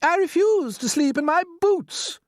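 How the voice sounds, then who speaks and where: Shrill cackling rascal centipede. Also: male voice, expressive, a little slow, no room sound, studio quality. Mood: bossy. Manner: shrill, loud and mocking, cackling. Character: cheeky rascally boastful male centipede.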